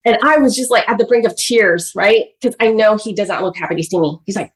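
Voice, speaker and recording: A woman's voice: fairly high pitch, fast, few pauses, poor audio. Earnest middle-aged woman telling her story. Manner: earnest, emotional, addresses host by name often; acts out quoted voices of parents. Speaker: guest author. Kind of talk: personal storytelling in a podcast interview.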